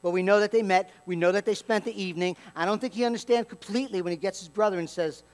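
High-voiced animated man preaching. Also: quick pace. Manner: animated storytelling, acts out dialogue. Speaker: pastor. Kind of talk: sermon.

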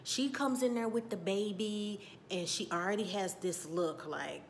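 A woman giving a casual, animated TV episode recap, chatty and sassy as she acts out scenes. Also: mid-range voice, measured pace, slight background noise. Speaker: TV recap vlogger.

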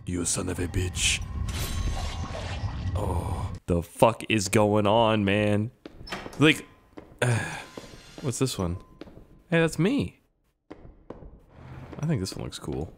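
A man's voice: fairly low pitch, lively intonation, slow pace, pauses often, slight background noise. A young man from Canada playing a video game, rambling, joking and swearing to himself as he goes. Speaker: gaming YouTuber. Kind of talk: let's play commentary.

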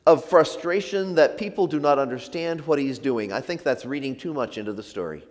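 Earnest preacher in a reverberant sanctuary. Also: male voice, on the high side. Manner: earnest, gentle preaching with soft trailing endings. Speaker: pastor. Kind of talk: sermon. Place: church sanctuary.

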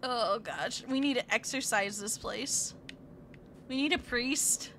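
A woman's voice: fairly high pitch, slow pace, fairly bright tone, slight background noise. A woman streaming a game live, chatting playfully with her viewers, fake-whining and squealing at what happens on screen. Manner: playful, chatty, reads chat aloud.

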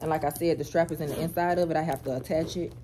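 A woman vlogger chatting to camera at home, animated and talkative, calling her viewers y'all, girl and baby. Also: low-pitched, very fast, a little hiss or hum. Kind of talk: casual get-ready-with-me chat to camera.

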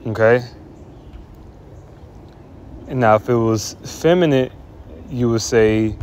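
A man's voice: mid-range voice, fairly even intonation, normal speed, darkish tone, slight background noise. A man giving an informal spoken grammar lesson, often restarting and repeating himself as he explains. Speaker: Hebrew teacher.

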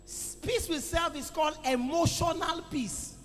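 A man preaching a sermon to a congregation, calling for responses and swinging between loud exclamations and quiet asides. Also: very high-pitched, a little slow. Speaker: pastor. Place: church hall. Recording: echoey church hall with music.

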